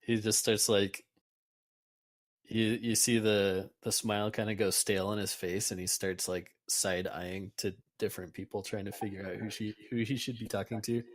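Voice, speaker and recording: A man runs a tabletop game in a relaxed, casual way and laughs easily. His voice sits fairly low and sounds dry, recorded close with no room echo. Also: moderate pace. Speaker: game master.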